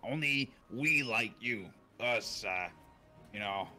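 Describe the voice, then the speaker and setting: A man's voice: medium pitch, animated, slow pace, sharp tone, soft background music. A man playing a tabletop game, chatting casually and playfully with his group. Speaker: player.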